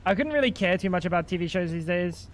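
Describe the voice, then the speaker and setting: A British man talks loosely to his stream chat as he plays, in a voice that sits high for a man. He is chatty and swears freely between game remarks. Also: animated, fast. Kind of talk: casual live-stream chat while gaming.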